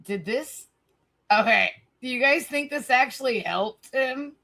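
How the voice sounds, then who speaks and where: A woman's voice: high voice, animated, a little slow, gravelly, sharp tone, rough recording. A woman livestreamer reacting to a clip, talking heatedly with a lot of swearing and speaking straight to her chat.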